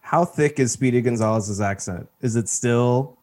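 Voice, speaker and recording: A man's voice: medium pitch, normal speed, a little mellow. A man in a casual podcast chat who teases bluntly and swears freely.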